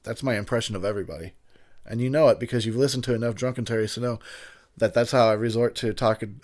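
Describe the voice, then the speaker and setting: A man's voice: medium pitch, fairly even intonation, fast talker, a little mellow. Tipsy man rambling through movie commentary. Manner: rambling, laughing often, loose. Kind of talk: casual drunken movie commentary.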